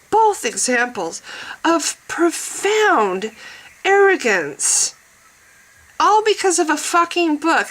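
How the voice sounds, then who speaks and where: A woman's voice: sits high, a bit bright, rough recording. A middle-aged woman talking bluntly and profanely in a casual vlog monologue, laughing often. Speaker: vlogger.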